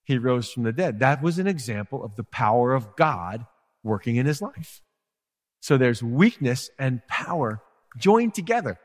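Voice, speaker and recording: A man preaching a sermon as pastor, animated, acting out quotes and asides to his congregation. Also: mid-range voice, normal speed, big-room sound.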